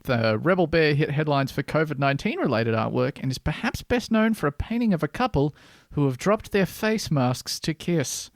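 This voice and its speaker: An Australian man reads news stories aloud on a comedy podcast, his voice rising and falling in a lively, animated way. His delivery is wry and deadpan. The sound is close and dry, with no room echo. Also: fairly high pitch, normal speed, hardly any pauses. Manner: wry, deadpan reading with laughing asides. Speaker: podcast co-host. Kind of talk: casual comedy podcast chat, reading news articles aloud.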